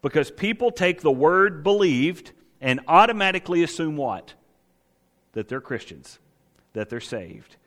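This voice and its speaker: A man's voice: fairly high pitch, very animated, unhurried, fairly bright tone. Guy preaching a sermon, keeps asking and answering himself, big echoey church sound. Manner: emphatic, asks and answers his own questions. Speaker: pastor. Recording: long hall reverb.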